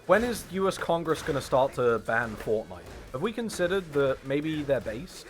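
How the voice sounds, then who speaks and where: A man streaming to his chat, hyper and rambling, swearing often, jumping between loud high bursts and low mutters. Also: very animated, normal speed, few pauses, soft background music. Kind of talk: casual stream chatter.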